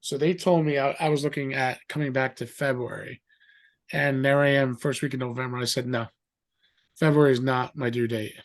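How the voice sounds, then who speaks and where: A middle-aged man telling a story in a rambling, animated way, acting out the voices of others. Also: mid-range voice, brisk. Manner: animated, acts out quoted voices; rambling with fillers and restarts. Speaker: guest. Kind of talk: casual storytelling.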